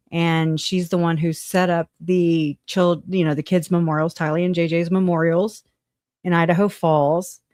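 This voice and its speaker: A woman's voice: lowish voice, darkish tone, no echo, studio quality. A woman hosting a casual livestream, talking bluntly with swearing and frequent laughter between remarks. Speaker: livestream host.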